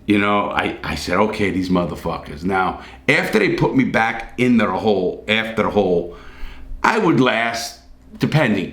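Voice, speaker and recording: Older male storyteller, blunt and profane, lowish voice, roomy echo. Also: a bit bright. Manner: blunt, heavy swearing, intense. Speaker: ex-prisoner telling his story. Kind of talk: casual storytelling to camera.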